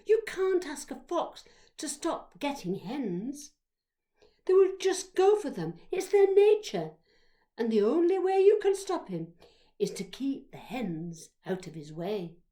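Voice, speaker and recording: Her voice sits high and she reads slowly, voicing a childhood memoir with plenty of expression. This woman storyteller moves between hushed whispers and loud exclamations.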